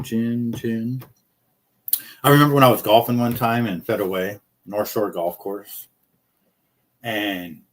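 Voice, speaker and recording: A man rambling through casual live-stream commentary, jokey and profane, telling stories. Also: on the low side.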